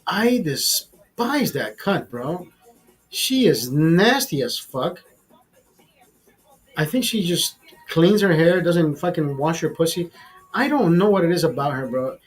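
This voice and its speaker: A man's voice: on the high side, big pitch swings, slow pace, long pauses, soft background music. A man hosting a casual livestream chat, crude and profane, rambling with many restarts. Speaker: livestream host.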